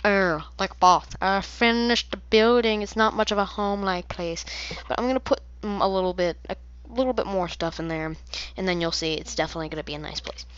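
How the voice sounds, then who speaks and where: A woman's voice: medium pitch, fairly quick, fairly bright tone, clear, resonant tone, no room sound, muffled recording. A woman giving casual, playful commentary over her own gameplay, rambling into silly asides. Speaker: gaming video creator.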